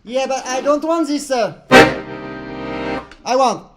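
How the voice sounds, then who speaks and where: Playful accordion teacher. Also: male voice, extremely high pitch, expressive, slow, loud music behind the voice. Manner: playful, teasing, sings phrases aloud. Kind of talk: live online lesson chat.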